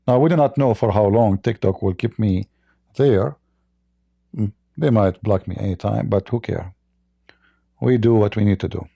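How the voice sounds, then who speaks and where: Gravelly-voiced man mocking on a livestream. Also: on the low side, normal speed, pauses often, mellow, no room sound, clean studio sound. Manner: blunt, mocking, repetitive restarts. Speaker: livestream host. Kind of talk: livestream monologue.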